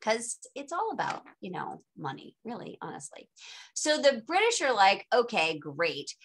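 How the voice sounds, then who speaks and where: A woman's voice: a little high, wildly swooping pitch, moderate pace, slight background noise. A woman teaching a casual live online lecture, talking informally and chattily with dry, sarcastic asides.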